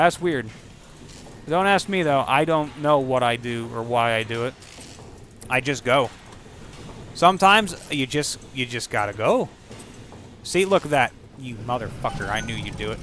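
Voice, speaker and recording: Over a video game, a gaming channel host offers excitable, profane let's-play commentary, slipping into silly rhymes and sound effects. His mid-range voice moves at a moderate pace with long pauses, and there's slight background noise.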